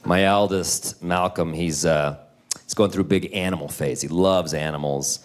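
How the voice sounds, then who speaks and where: A man in his forties doing a stand-up comedy set on stage, telling animated, self-deprecating stories. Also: sits low, moderate pace. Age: 40s.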